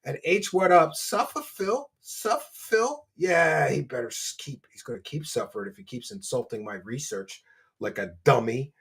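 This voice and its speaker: A brash man hosts a livestream, reading out donations in casual, mocking chat. His voice is husky and sits at an ordinary middle pitch. He swears freely and teases openly. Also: moderate pace. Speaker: livestream show host.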